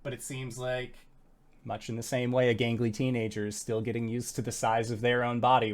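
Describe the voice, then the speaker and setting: A game master narrating a tabletop game in vivid, casual detail, peppered with "like" and the odd swear. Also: medium pitch.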